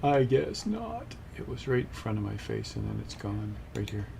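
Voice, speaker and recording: A man's voice: on the low side, little pitch movement, brisk, creaky, background noise. A man hosting a casual flight-sim live stream, upbeat and greeting viewers by name.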